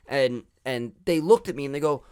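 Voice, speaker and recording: A man's voice: medium pitch, normal speed, clean tone. A man co-hosting a podcast, telling a story in casual, profane chat and acting out what people said. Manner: profane, animated, acts out quotes. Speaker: podcast co-host.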